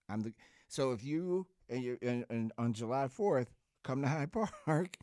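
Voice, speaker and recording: Giddy, animated middle-aged radio host. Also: male voice, on the low side, no echo, studio quality. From Chicago. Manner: laughing often, giddy and animated. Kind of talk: casual radio sign-off.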